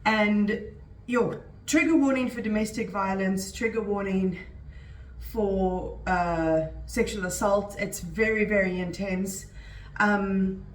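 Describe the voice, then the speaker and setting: A woman's voice: mid-range voice, fairly even intonation, slow, roomy sound, distant mic, poor audio. A woman chatting casually as a book vlogger, rambling along with lots of "like" and "um". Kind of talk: casual vlog chat.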